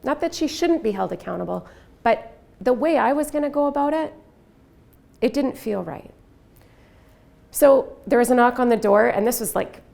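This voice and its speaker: Gravelly-voiced woman telling a workplace story. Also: medium pitch, a little mellow. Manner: candid, reflective storytelling with quoted dialogue. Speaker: speaker giving a workplace culture presentation. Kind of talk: storytelling presentation talk.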